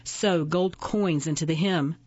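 A woman's voice: low-pitched, measured pace, a little mellow, dry recording, highs cut off. A woman voicing a proud, defiant imprisoned witch who answers with cold, cutting retorts, in a storybook reading. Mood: scornful.

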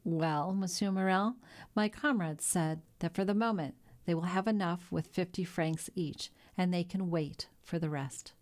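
A woman's voice: fairly low pitch, a little slow, a little mellow, close to an everyday voice. A woman doing a blunt old sailor. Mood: earnest.

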